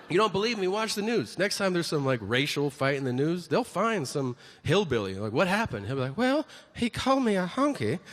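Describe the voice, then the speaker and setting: A man doing a stand-up comedy routine, telling stories with loud voiced asides before a live audience. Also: a little high. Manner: animated storytelling with shouted voiced asides. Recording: reverberant hall, audience noise.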